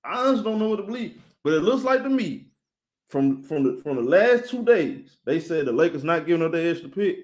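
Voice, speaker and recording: Animated man hosting a sports live stream. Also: a little high, brisk. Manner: animated, talks straight to chat viewers, shouting them out.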